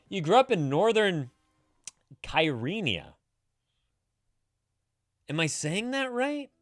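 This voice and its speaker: A man hosting a casual live stream, reading chat aloud and answering with loud, teasing, profane banter while drinking beer. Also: high-pitched, sing-song, slow, long pauses, no echo, clean studio sound. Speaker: streamer giving advice to chat. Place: home streaming setup, San Francisco.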